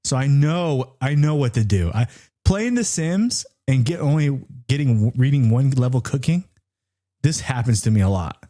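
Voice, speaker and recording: Man, podcast co-host, animated rant, swears freely, pitch all over the place. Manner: excitable, swears freely, jumps into high-pitched retellings.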